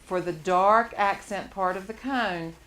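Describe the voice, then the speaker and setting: A woman's voice: mid-range voice, unhurried, a bit bright, a little hiss or hum. A woman teaching a live charcoal drawing class to students, encouraging them and laughing often as she works. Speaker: art teacher.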